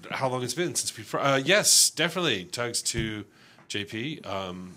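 Bright-voiced rambling podcast co-host man. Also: medium pitch, big pitch swings, a little slow. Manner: rambling, forgetful, trailing off. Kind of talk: casual chat.

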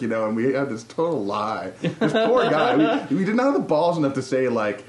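A man's voice: medium pitch, fast talker. Candid laughing man in a roomy space. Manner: candid, laughing, animated storyteller. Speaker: podcast co-host. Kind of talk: casual chat, storytelling. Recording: roomy echo.

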